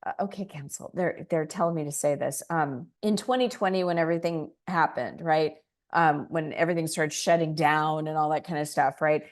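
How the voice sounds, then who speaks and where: A woman in her fifties, a spiritual teacher chatting as an interview guest and telling lively stories with little acted-out voices. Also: sits low, moderate pace. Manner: animated storyteller, acts out quoted voices. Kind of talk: casual interview chat.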